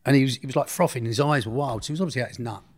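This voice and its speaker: A man's voice: mid-range voice, rapid-fire. A man recounting a personal story in an interview, blunt and slangy, often restarting his sentences.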